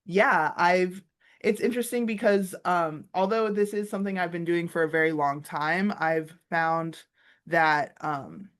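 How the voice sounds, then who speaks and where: A woman's voice: on the low side, measured pace. Woman in her thirties, comics teacher, rambling casual interview talk over a video call from her studio. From Florida, USA. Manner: chatty, rambling, many filler words. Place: art studio, indoors.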